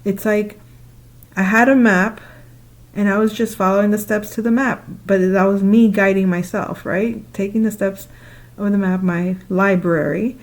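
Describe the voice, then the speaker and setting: A woman with a mid-range voice muses on life in a loose, conversational monologue. She is animated and playful, slipping into her own past thoughts with laughing asides and rattling off long lists. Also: medium pitch, normal speed. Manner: repetitive listing, loose conversational phrasing. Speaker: spiritual speaker. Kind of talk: casual spiritual monologue.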